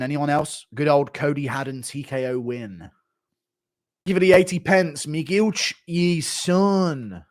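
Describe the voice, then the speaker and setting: A man's voice: on the high side, measured pace, no echo. A man gives blunt, mocking live-stream commentary, swearing freely. The recording is close and dry, with no room sound. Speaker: streamer reacting to a clip.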